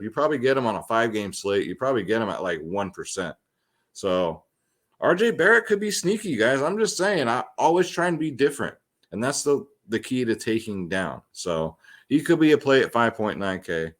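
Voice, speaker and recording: A man's voice: mid-range voice, fairly bright tone. A young man hosting a fantasy sports picks show, talking loosely and slangily with lots of ums and side remarks. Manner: loose, slangy, chatty with many ums and asides. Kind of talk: casual slangy picks breakdown.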